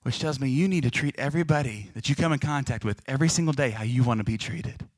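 A young male pastor preaches with a lively, joking delivery and acts out the voices of people in his stories. His voice sits at an ordinary middle pitch. The sound is dry and close, with almost no room echo. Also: fast. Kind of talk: sermon.

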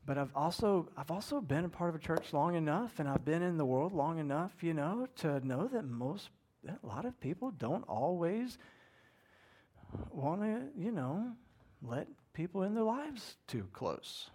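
Middle-aged pastor preaching, chatty and animated, kinda high voice. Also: male voice, a little slow, slightly rough. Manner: conversational, animated, acts out inner voices. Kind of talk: sermon.

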